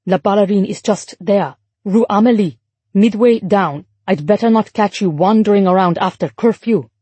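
A woman's voice: on the low side, expressive, normal speed, darkish tone, husky, no echo. A woman voicing an arrogant German soldier, a grown man who talks with contempt and mockery, in an audiobook. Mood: sneering. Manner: contemptuous, mocking.

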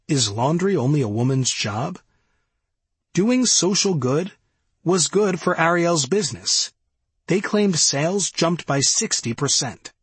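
A man narrating a nonfiction audiobook in a measured, even reading style. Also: on the high side, husky, no echo.

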